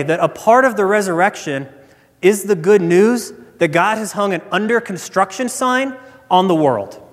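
A man preaching a sermon as pastor, telling stories in a relaxed, conversational way. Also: high voice. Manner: conversational storytelling. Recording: echoey hall reverb.

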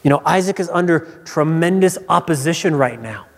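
With lively intonation and a fairly quick pace, a man whose voice is on the high side gives a conversational sermon, mixing personal stories with scripture explanation. The recording carries the long reverb of a large hall.

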